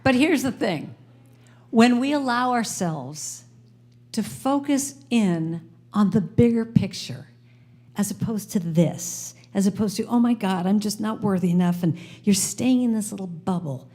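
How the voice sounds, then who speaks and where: A woman's voice: mid-range voice, unhurried. An American woman giving a sermon to a live congregation, telling a personal story and acting out the voices in it. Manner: animated, acts out voices in her story. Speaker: guest speaker at a spiritual center. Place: church sanctuary before a live congregation.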